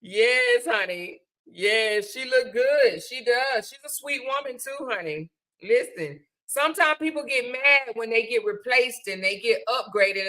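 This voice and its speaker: With a sharp tone and a voice on the higher side, a middle-aged livestream host chats casually with her audience. She doles out sassy, preachy advice, addressing viewers as "honey" and "child."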